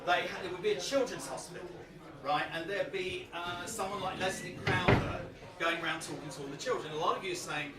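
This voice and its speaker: A man's voice: high-pitched, fairly even intonation, brisk, over a noisy crowd. A man in his fifties doing a rambling, self-mocking stand-up routine on a comedy club stage. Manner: rambling, self-mocking, frequent 'so' restarts. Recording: echoey venue, distant mic, loud audience.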